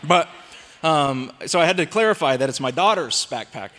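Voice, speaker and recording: A pastor in his thirties preaches with an earnest, emphatic delivery. His voice sits high for a man. The sound rings with the long reverb of a large church hall. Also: expressive, moderate pace, a bit bright. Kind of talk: sermon.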